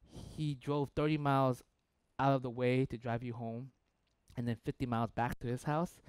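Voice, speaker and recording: A young man preaching a sermon as pastor, animated and playful, acting out the voices of people he quotes. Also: medium pitch, moderate pace, clear, resonant tone, no room sound.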